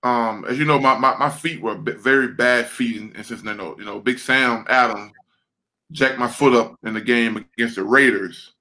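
A man's voice: medium pitch, moderate pace, poor audio. A man, a former football lineman, telling a story with lots of swearing and repeated words over a video call. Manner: animated, profane, repeats words.

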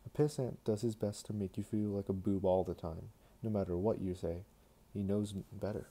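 A man's voice: lowish voice, fairly even intonation, normal speed, dark tone. A man reading a novel aloud, voicing a blunt, boisterous drunk middle-aged man who swears freely.

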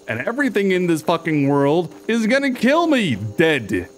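A man commentating his own gameplay in a casual, profane and excitable way, reacting aloud to the game. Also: high voice, normal speed, slight background noise. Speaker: gaming video host. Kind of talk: casual let's play commentary.

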